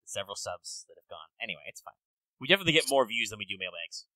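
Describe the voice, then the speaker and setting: A man co-hosting a podcast in casual chat, rambling and swearing with quick bursts of excitement. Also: lowish voice, dry recording, poor audio. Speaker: podcast co-host.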